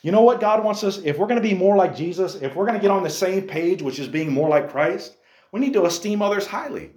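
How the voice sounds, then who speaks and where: A man preaching to a youth group, his voice sitting a bit high as he throws rhetorical question after question. The sermon rings out in an echoey church room. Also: animated, fast talker, a little mellow. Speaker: youth pastor.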